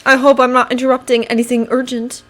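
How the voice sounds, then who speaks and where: A proud young aristocratic wizard as a woman reader puts him on, with sneering, clipped retorts, pitched above her narrating voice. He sounds haughty and quick to scold, in a fan-made audiobook. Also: level tone, a bit bright.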